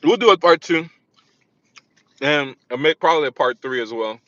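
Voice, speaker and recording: A vlogger delivers a loose, rambling casual monologue, stumbling over restarts and repeating himself. His mid-pitched voice is animated, with a bright, forceful edge, at a moderate pace. The recording is dry, slightly dull, and echo-free, like cheap lo-fi gear.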